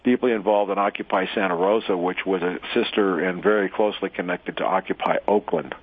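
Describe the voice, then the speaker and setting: Husky man on a tinny radio line. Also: low-pitched, fairly even intonation. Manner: halting, repeats words, many fillers, storytelling asides. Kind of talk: monologue commentary with a parable. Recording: tinny phone-like radio sound.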